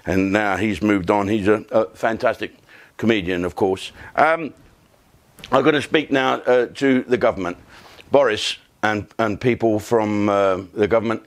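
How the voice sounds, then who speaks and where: An older man, a comedian telling rambling stories in a profane, self-mocking way. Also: medium pitch. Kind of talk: comic monologue, casual storytelling.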